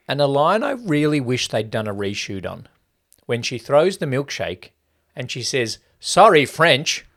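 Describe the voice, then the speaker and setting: A man's voice: mid-range voice, big pitch swings, moderate pace. Chatty man picking apart a film. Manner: mimics lines with exaggerated emphasis. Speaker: podcast co-host. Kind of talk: casual movie review chat.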